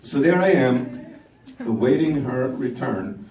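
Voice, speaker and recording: A middle-aged Swedish man tells a story on stage with animated energy, laughing often and acting out voices. His voice is mellow and warm. He is heard from a distance in an echoey room, with faint ambience behind him. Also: medium pitch, slow pace. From Sweden. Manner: animated, laughing, acts out quotes. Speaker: speaker telling a story on stage. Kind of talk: storytelling talk.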